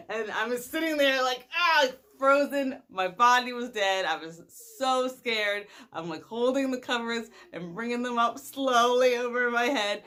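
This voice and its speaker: A young woman vlogger with a mid-range voice shares a personal story casually and animatedly, laughing a lot and leaning on plenty of fillers.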